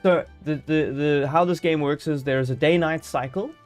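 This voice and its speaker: A man's voice: fairly high pitch, steady tone, moderate pace, soft background music. A man streaming a game live, chatting casually and joking as he thinks aloud.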